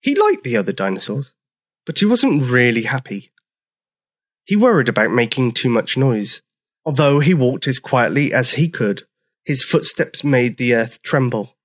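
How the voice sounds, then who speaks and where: A man narrating a children's story in a slow, gentle, expressive reading. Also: medium pitch.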